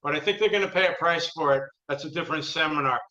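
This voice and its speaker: A man co-hosting a talk show, making measured, lawyerly points. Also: a little high, bright, forceful tone. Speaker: co-host. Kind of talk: casual panel talk. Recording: echoey, dull-sounding room.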